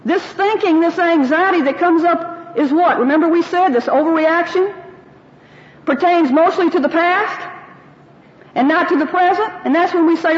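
A middle-aged woman with a high voice teaches a women's group, folksy and personal, slipping into her own remembered prayers. The recording is dull and lo-fi, with a long reverb from a large room. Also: moderate pace. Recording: dull, roomy hall sound.

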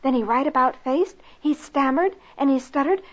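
A woman narrating a rhyming children's story and lesson in a slow, expressive, sing-song way, on a lo-fi recording. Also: sits high. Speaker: narrator and teacher. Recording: lo-fi recording with soft music.

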